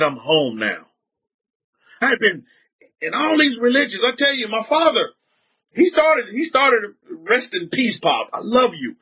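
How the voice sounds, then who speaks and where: Husky high-voiced Southern US man. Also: muffled recording. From Southern United States. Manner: repetitive, restarts a lot, fires rhetorical questions at listeners. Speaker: religious teacher addressing a group. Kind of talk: informal religious talk.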